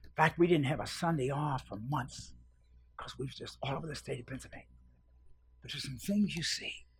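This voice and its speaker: A man preaching a sermon, dropping to hushed whispers and then rising to loud, fervent cries, repeating phrases for emphasis. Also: medium pitch, moderate pace, breathy edge.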